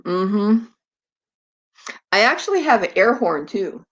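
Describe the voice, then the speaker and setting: A woman's voice: mid-range voice, big pitch swings, slow, pauses often, a bit bright, muffled recording. A woman hosting a casual live stream in a chatty, rambling way, slipping into baby talk with her dog.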